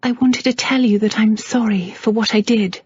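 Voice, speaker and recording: Remorseful young gentlewoman, soft and humble, slightly raised, husky tone, read by a woman narrator. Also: fairly high pitch, steady tone, normal speed, lo-fi sound, voice pushed up. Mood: contrite.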